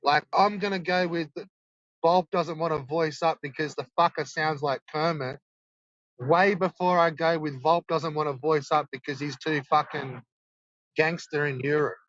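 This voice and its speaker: A man's voice: on the high side, steady tone, normal speed, a bit bright, dry recording. A young man livestreaming, ranting insistently and swearing a lot. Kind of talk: rambling livestream rant. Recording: dull lo-fi streaming mic.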